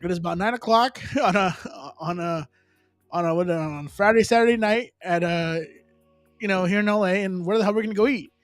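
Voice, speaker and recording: A man talks loosely and rambles through a casual chat, dropping slang and Spanish phrases as he goes. His voice sits high for a man. It is recorded dry and close, with faint music underneath. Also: a little fast, dry recording. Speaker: live stream host.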